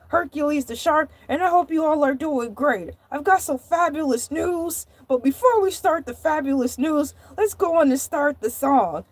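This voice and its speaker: A woman doing a fussy cartoonish shark host with a high, bright voice, rambling on and repeating himself in indignant bursts. The sound is dry and close, with no room around it. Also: no echo. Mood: upbeat hosting. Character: Hercules, chatty male shark show host. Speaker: livestream host. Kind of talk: comedic live-stream character monologue.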